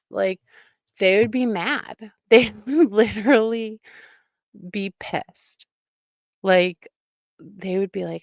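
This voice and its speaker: Lady streamer reacting, drawled out and gravelly, blunt and snarky, dead dry sound. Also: medium pitch, takes it slowly, no room sound. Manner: blunt, mocking, swears freely, laughs often. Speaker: livestream reaction host. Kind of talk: casual reaction commentary.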